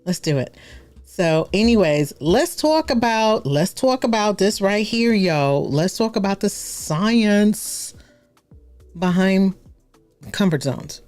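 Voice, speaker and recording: A woman hosting a live stream as a branding coach, bubbly and exclamatory, full of slangy asides and repeated excited exclamations. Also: medium pitch, slow, soft background music.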